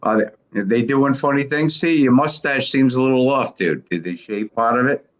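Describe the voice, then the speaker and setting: A man's voice: mid-range voice, moderate pace, lo-fi sound. A man on a live stream chat, bantering in a crude, teasing way.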